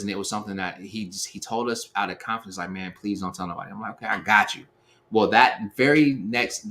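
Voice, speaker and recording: Guy in his 30s telling a story, kinda low voice but bright and forceful, lots of slang. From Seattle area, USA. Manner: animated, slangy storytelling with acted-out quotes. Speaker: speaker sharing life advice. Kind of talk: storytelling talk.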